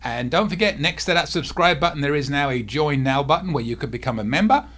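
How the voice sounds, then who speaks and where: A man hosting a casual cruise vlog at home, talking softly because his face is sore, with frequent asides to a restless cat. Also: on the high side, lively intonation, quick pace. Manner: talks softly, easily distracted by a restless cat.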